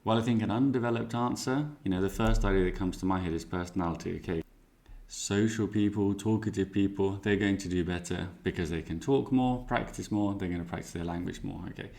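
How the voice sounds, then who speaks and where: A man teaching exam speaking skills, explaining clearly and giving worked example answers. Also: sits low, fairly quick, darkish tone.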